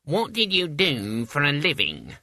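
A man doing a prim, bright-voiced young clerk. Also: fairly high pitch, huge pitch swings, a little slow, dry recording, studio quality, voice pushed up, heavily acted. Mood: officious. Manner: prim, officious.

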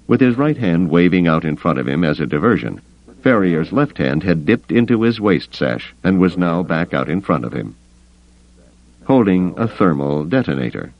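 A man reading a story aloud in an expressive manner, slipping into character voices. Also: very deep voice, normal speed, creaky. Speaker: audiobook narrator. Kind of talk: scripted narration. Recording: dull lo-fi recording.

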